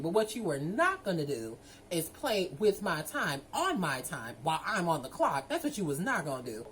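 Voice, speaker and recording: A woman, telling a story to her viewers in a sassy, animated way. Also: on the low side, normal speed, slight background noise, low-quality recording. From Southern United States. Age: 20s. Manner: sassy, animated, addresses listeners as girl and y'all. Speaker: vlogger. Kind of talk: casual storytime monologue.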